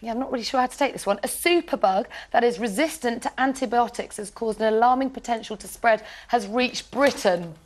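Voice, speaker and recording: A woman with a slightly high voice reviews the newspapers as a studio guest. She chats through each story breezily, amused and quick to laugh. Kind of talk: reading and chatting about news stories.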